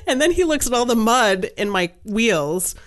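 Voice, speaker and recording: A woman telling a long story in casual chat, animated and chatty, laughing often and filling her talk with fillers. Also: fairly high pitch, moderate pace.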